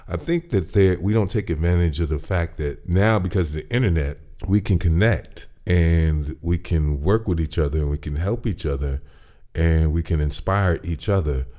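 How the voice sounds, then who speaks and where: A very deep-voiced American man hosting a podcast. His tone is dark and mellow, and he talks in a relaxed, sociable way, chatting casually with his guest. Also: moderate pace. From United States. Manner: laid-back, talkative, personable. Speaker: podcast host. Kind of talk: casual interview chat.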